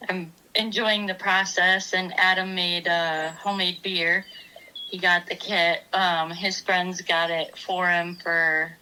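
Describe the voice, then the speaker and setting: Bright-voiced chatty woman. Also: fairly low pitch, little pitch movement, slow pace, slight background noise, rough recording. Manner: chatty, explains step by step. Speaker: podcast co-host. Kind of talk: casual chat.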